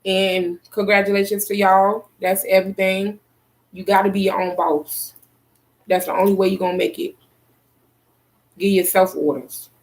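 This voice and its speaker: A woman's voice: mid-range voice, level tone, moderate pace, long pauses, darkish tone. A woman co-hosting a casual podcast, talking bluntly and animatedly. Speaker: podcast co-host. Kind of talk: casual chat.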